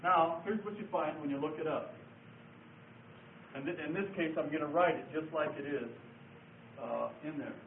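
A man with a fairly high voice gives a patient, step-by-step lesson, repeating his key words. He sounds distant and echoey, as if taped from the back of a room. The sound is thin and phone-like, with a faint hiss underneath. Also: moderate pace, long pauses. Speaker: Bible study teacher. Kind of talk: classroom lecture with board writing.

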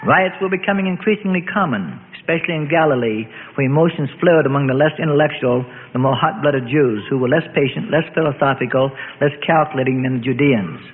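A man's voice: mid-range voice, fairly quick, few pauses, a little hiss or hum. A man reading a dramatic historical story aloud in a storytelling cadence. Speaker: narrator. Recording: phone-like radio sound, long reverb.

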